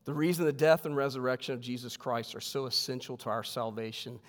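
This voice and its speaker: A male pastor preaching a sermon with emphasis, his voice sinking low on key words. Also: a little fast. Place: church sanctuary. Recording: long hall reverb.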